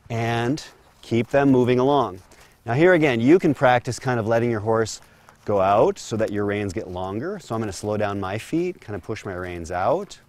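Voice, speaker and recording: A man speaking at medium pitch and a moderate pace gives a calm, steady training demonstration. He's a horse trainer, talking as he works a horse in an outdoor round corral.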